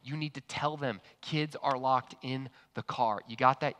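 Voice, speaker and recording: A man, preaching a sermon and telling a story, animated, with loud excited bursts and quiet hushed asides. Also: medium pitch, normal speed. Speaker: pastor. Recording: long hall reverb.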